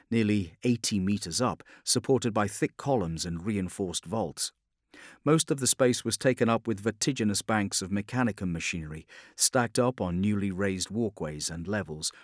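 Grave low-voiced male narrator. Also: no echo, studio quality. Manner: measured, grave storytelling. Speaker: audiobook narrator. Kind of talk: scripted dramatic narration.

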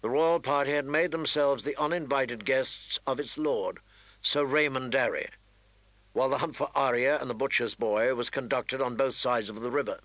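Bright-voiced male audiobook narrator. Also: mid-range voice, moderate pace, dry recording. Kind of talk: scripted narration.

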